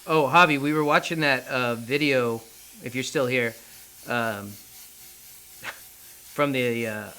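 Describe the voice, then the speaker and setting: A man's voice: medium pitch, takes it slowly, pauses often, bright, forceful tone, a little hiss or hum. A man chatting casually with viewers while painting live, rambling a little as he works.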